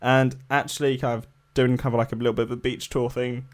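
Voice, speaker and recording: On a relaxed music podcast, this male co-host chats loosely, full of hedges and filler words. His mid-range voice comes out flat and quick.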